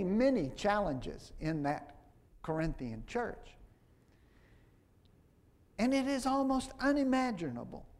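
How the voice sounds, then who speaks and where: A man preaching a sermon, slow and halting, with frequent restarts and fillers. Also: sits high, darkish tone.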